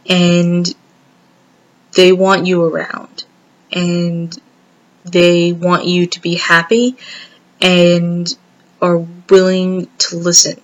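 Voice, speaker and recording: Slow, gentle woman with a flat, low voice. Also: rough recording. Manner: gentle, earnest, halting with many pauses. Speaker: vlogger. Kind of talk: heartfelt direct-to-camera message.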